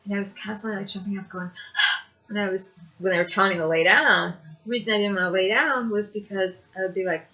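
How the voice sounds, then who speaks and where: A woman tells her own story straight to camera in a loose, rambling way, pausing and restarting as she goes. Her voice sits at a middling pitch. The recording is dull and lo-fi. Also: steady tone, bright, forceful tone. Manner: rambling, conversational, with hesitations. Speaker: video blogger.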